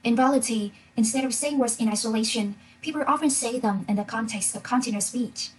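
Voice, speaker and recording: A woman's voice: fairly high pitch, fairly quick, husky, poor audio. A young woman from Vietnam, a student, presenting a class talk in an engaging way and asking the listener questions. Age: young adult.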